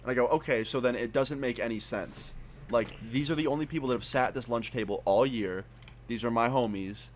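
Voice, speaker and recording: Young guy youtuber telling a school story, swears a lot, animated, faint hiss behind. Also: medium pitch, fairly quick. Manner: casual, profane, animated retelling. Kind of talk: storytime vlog.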